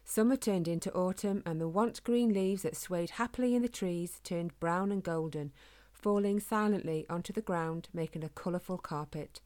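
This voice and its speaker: A woman reading a children's storybook aloud in a calm, gentle, steady way. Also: on the low side, moderate pace. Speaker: narrator.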